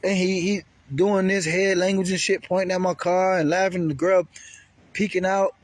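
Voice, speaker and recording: A man's voice: high voice, little pitch movement, moderate pace, no echo. A man vlogger telling a rambling, profane story in casual speech heavy with slang.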